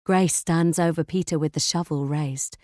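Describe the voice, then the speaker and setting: A woman narrating a thriller audiobook in first person, tense and measured. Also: sits low, fairly even intonation, a little mellow, no room sound, studio quality.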